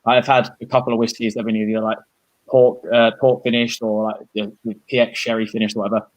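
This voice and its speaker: A man's voice: on the low side, flat delivery, quick pace. A man co-hosting a casual live whisky tasting as the cocktail expert, talking in an easygoing, enthusiastic way with lots of fillers. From United Kingdom. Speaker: bartender and co-host.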